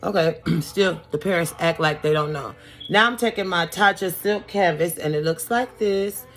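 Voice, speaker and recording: A woman's voice: lowish voice, normal speed, a bit bright. A woman beauty vlogger telling a story in a casual, chatty, sassy and colloquial way while she does her makeup.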